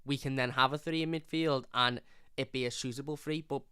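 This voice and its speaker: Bright, crisp young man. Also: medium pitch, fairly even intonation, fairly quick, no room sound, studio quality. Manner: frank, rambling, frequent restarts and repeats. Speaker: fan channel host. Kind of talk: live post-match football review.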